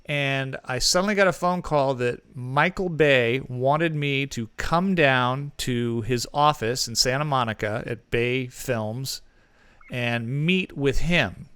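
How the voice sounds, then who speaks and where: A man's voice: medium pitch, slow, a bit bright, smooth, no echo. A man co-hosting a podcast, telling a long rambling anecdote in casual chat. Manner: rambling anecdote with many fillers and restarts. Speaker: podcast co-host.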